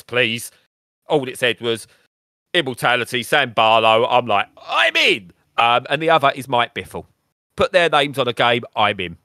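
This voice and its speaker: A man's voice: medium pitch, pushed and bright, no echo. A man co-hosting a gaming podcast in casual chat, with a joking, sarcastic manner. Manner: sarcastic, jokey. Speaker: podcast co-host.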